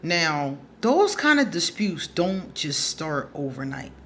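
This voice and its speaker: A woman's voice: low-pitched, big pitch swings, slow pace, a bit bright, slight background noise. Blunt, laughing woman vlogger. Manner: blunt, profane, laughs often while telling a story. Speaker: advice vlogger answering a subscriber. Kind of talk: casual storytelling monologue.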